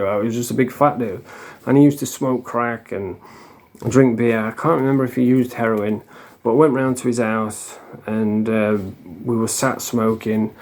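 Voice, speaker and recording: A middle-aged Englishman and recovering addict tells blunt, rambling stories to camera in a casual way. He swears a lot and keeps restarting sentences, his mid-range voice a little mellow.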